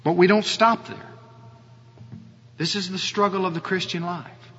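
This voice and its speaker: Slow, earnest preaching man in a reverberant hall. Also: high-pitched, fairly even intonation, fairly bright tone, breathy edge. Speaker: pastor. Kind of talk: sermon. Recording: dull audio with long hall reverb.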